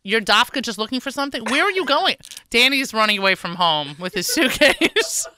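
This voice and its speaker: A woman hosts a live radio talk show in a bright, sharp voice. She chats playfully, tosses off quick asides and laughs often. The sound is dry and close to the mic. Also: mid-range voice, clear, resonant tone, no room sound.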